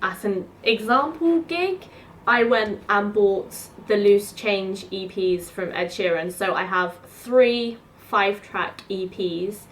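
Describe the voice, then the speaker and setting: A woman's voice: medium pitch, takes it slowly, a little hiss or hum. A woman, telling rambling stories to camera in a chatty way, full of "like". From South East London. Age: 20s. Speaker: student vlogger. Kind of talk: casual storytelling to camera.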